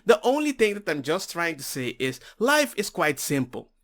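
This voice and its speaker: Animated, jokey Caribbean-born man ranting. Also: on the high side, normal speed. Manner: animated, jokey, mocking voices of others. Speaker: commentary video host. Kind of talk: ranting comedic commentary.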